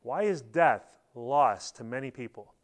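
A middle-aged man preaching a sermon in a church, telling stories and acting out quotes with sudden loud bursts. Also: mid-range voice, animated, measured pace. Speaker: pastor.

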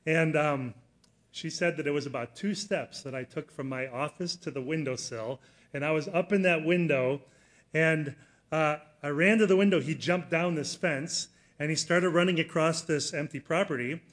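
A middle-aged man preaching a sermon, telling a personal story in an earnest way that rises to loud emphasis. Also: fairly high pitch, normal speed.

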